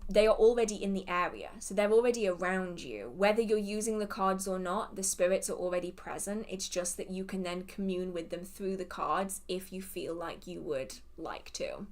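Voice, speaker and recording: A woman with an English accent hosting a casual livestream Q&A, chatty and self-deprecating, laughing often and muttering to herself between questions. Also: medium pitch. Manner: hums and mutters to herself while scrolling. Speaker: host of a live witchcraft Q&A.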